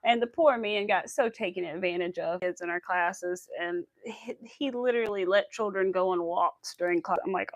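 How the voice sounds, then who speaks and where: A woman's voice: mid-range voice, moderate pace, hardly any pauses, no room sound. Young woman, crochet stream host, loose chatty delivery, dry close sound. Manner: chatty, rambling, animated retelling with quoted asides. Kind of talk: casual chat while crocheting.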